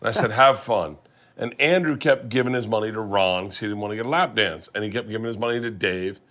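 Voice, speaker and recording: A man's voice: on the low side, fast. A middle-aged man hosting a casual chat, telling road stories with friends and acting out what they said. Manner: animated storyteller, acts out quotes from friends. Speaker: host. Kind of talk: storytelling among friends.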